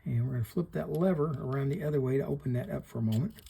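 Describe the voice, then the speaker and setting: Gravelly, husky-voiced man explaining repairs. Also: medium pitch, fast talker, mellow. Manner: plain-spoken, talks through each step while working. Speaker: fishing reel repairer hosting a channel. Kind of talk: hands-on repair tutorial.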